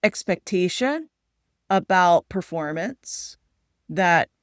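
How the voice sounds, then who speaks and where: A woman's voice: fairly low pitch, lively intonation, slow pace, no echo. Woman podcast host, upbeat and encouraging, keeps saying right?, dry close sound. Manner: affirming, encouraging, frequent "right?" tags. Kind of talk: casual interview chat.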